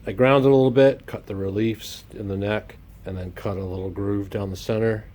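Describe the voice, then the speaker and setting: Brisk and fairly low-pitched, with fairly even intonation, a man narrates a casual workshop vlog from his home workshop against background noise. He jokes around, exclaims mid-task, and puts on an Irish lilt now and then.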